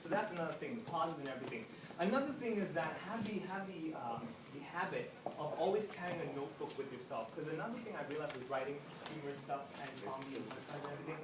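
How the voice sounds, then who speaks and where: A man leading a comedy workshop, joking, lively and acting out examples for a live audience. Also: on the high side, quick pace. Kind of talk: animated workshop talk. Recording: roomy, distant mic, noisy room.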